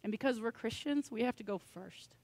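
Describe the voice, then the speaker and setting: A woman's voice: on the high side, a little fast, darkish tone, no room sound. A woman pastor preaching a sermon in a conversational, joking way, with self-deprecating asides.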